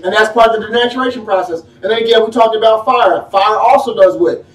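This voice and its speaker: A man preaching a sermon in a folksy, animated way, firing off rhetorical questions at his congregation. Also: sits high, fast. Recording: echoey room, mic at a distance.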